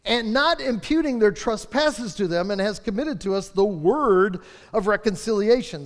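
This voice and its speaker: A man's voice: high voice, very animated, normal speed. A man preaching a fervent sermon as pastor, stretching out key phrases for emphasis. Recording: long reverb of a large hall.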